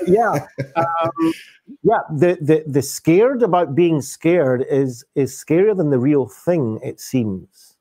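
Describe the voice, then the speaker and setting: Male host on a live stream, slightly high voice but mellow, keeps asking for practical answers. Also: lively intonation, slow. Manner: friendly, pushes for practical answers. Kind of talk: live broadcast interview.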